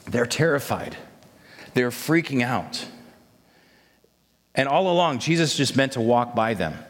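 A man preaching a sermon, telling the story in a lively way and acting out the voices of the people in it. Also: mid-range voice, a little slow, long reverb tail. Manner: animated storytelling, acts out voices of disciples.

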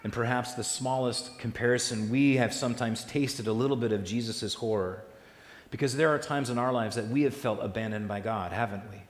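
A man preaching a sermon in a mid-range voice, his words ringing through a large echoing hall with a long reverb tail. He builds loud through lists, then drops soft and slow on the points he wants to land. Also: mid-range voice, fairly even intonation. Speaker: pastor.

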